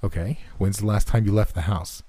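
A man voicing his own frightened, angry character, shouting and swearing at his roommate, his husky voice pushed much higher. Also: fairly even intonation, fairly quick, no echo, natural voice. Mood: agitated. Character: scared, angry young man, the narrator's character.

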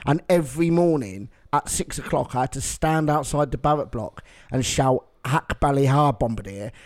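A man's voice: on the high side, moderate pace, a little mellow, no echo. A man in his fifties, co-hosting a podcast, teasing and laughing through his stories. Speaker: podcast co-host. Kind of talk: casual banter.

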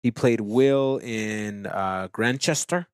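Relaxed man hosting a casual podcast. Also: on the low side, slow pace, clean tone, no echo, studio quality. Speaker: podcast host reading viewer questions. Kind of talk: casual chat.

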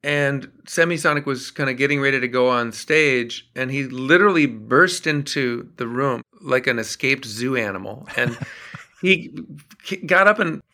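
A middle-aged songwriter from Minnesota, chatting as an interview guest and telling animated stories. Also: male voice, mid-range voice, moderate pace. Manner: animated storyteller, acts out quotes. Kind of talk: casual interview chat.

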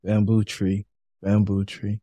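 A male podcast host with a low, mellow voice asks thoughtful, reflective questions. The recording is dry and close to the mic. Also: monotone, slow, dry recording. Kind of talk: interview questions.

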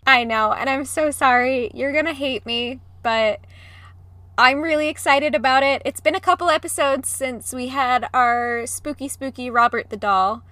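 A bright-voiced woman sits close to a dry-sounding microphone, co-hosting a casual podcast from home over a video call. She keeps breaking into giggles and apologies while she chats with her friend. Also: high voice, moderate pace, no room sound. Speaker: podcast co-host. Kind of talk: casual chat. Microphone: podcast mic over video call.

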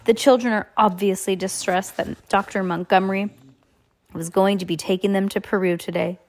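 A sly man posing as someone else, his words smooth and falsely polite, as a woman reads him aloud. An audiobook villain with a steady pitch who keeps his menace tucked under courtesy. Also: normal speed, close to an everyday voice. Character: scheming adult male villain in disguise, smooth and sly. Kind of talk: audiobook character reading.

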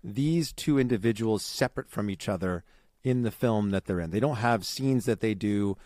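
A man co-hosting a podcast, talking earnestly in a halting way with many restarts. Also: on the low side, darkish tone, no echo, studio quality. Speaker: podcast co-host. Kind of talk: casual chat.

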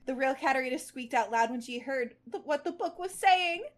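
High-voiced woman reading fan fiction aloud. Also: a little fast. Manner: animated and blunt, swears casually. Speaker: podcast co-host.

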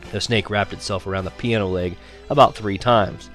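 A man's voice: lowish voice, steady tone, normal speed, fairly bright tone, faint music behind. A young man narrating a first-person story in a wry, conversational way. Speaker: audiobook narrator.

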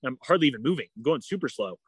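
A man telling a story in a casual interview, animated and full of "like", acting out what people said. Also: mid-range voice, rapid-fire. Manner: animated, heavy use of "like", acts out quoted dialogue. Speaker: guest.

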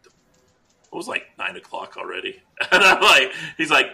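Middle-aged male podcast co-host, rambling and jokey, bright and gravelly. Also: medium pitch, big pitch swings, unhurried, rough recording. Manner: rambling, self-interrupting, jokey. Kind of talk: casual storytelling chat.

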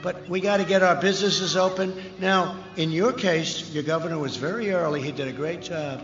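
A man giving a rambling, off-the-cuff rally speech, repeating himself, with mocking asides and shouted lines. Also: on the high side, normal speed, faint music behind. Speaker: political candidate speaking at a rally. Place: large rally venue. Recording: echoey, lo-fi rally sound with long reverb.

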